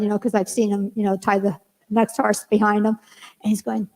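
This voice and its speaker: An older woman minister preaching a sermon in storytelling form, animated and acting out both sides of conversations in a church sanctuary. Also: medium pitch, brisk. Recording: long reverb of a church hall.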